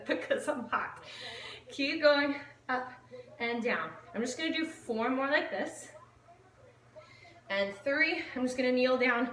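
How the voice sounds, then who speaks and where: A woman's voice: high voice, pushed and bright, echoey room, recorded from a distance. A woman fitness instructor leading a home workout, upbeat and counting reps aloud, a little out of breath as she exercises along. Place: home living room.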